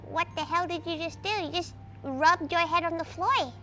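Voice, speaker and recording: A woman's voice: very high-pitched, normal speed, sharp tone, a little hiss or hum. A woman streaming as a VTuber, chatting casually while cooking and talking to her dog, playful and crude, referring to herself in the third person.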